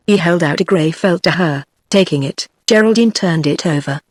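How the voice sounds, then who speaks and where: A woman's voice: lowish voice, moderate pace, hardly any pauses, no echo. Dry synthetic British woman narrating. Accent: British English. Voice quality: even, machine-read delivery. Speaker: audiobook narrator.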